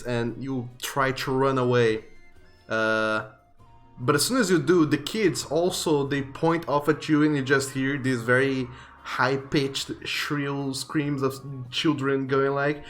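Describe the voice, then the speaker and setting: A man's voice: medium pitch, slow pace, a bit bright, faint music behind. A man narrating as game master in a tabletop game, casual and loose, with plenty of fillers.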